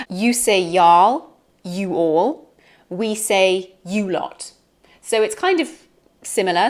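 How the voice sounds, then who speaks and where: A British woman teaching an English lesson, explaining words in a chatty, friendly way. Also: lowish voice.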